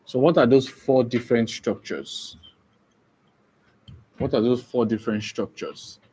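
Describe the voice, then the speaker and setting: Man slowly teaching, repeating and checking in. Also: mid-range voice, warm tone, a little hiss or hum, rough recording. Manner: slow, repetitive explaining with frequent "okay?" checks. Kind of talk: online exam-prep lesson.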